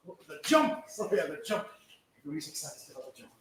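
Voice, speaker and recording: A man's voice: fairly high pitch, big pitch swings, normal speed, pauses often, a little hiss or hum. A man teaching a karate class, giving instructions and checking in with a frequent "yeah?". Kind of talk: teaching a martial arts class. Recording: echoey room from a distance.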